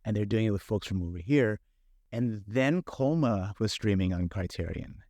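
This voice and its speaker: Middle-aged male director, low voice, chatty and animated, dry close mic. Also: moderate pace, no echo. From San Francisco Bay Area. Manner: animated, lots of filler and quoted inner thoughts. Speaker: film director, interview guest. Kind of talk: casual conversational storytelling.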